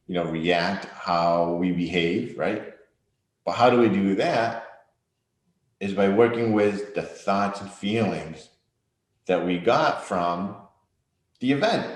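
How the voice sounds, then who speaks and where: Deep-voiced man explaining therapy in an echoey room. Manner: conversational, frequent tag "right?"; acts out inner thoughts in examples. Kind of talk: informal educational talk.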